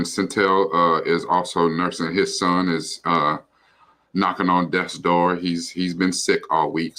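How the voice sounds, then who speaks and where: A man's voice: low-pitched, a bit bright. A man co-hosting a livestream, chatting casually in a rambling, loose way with lots of fillers and the odd swear word. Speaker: livestream co-host. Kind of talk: casual chat.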